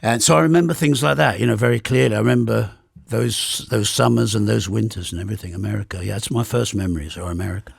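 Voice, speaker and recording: An English man in his sixties, a guest telling stories in a relaxed, rambling way, full of fillers and restarts. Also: on the low side, fast talker, creaky, breathy edge, dry recording, studio quality. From England. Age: 60s. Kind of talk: candid conversational storytelling.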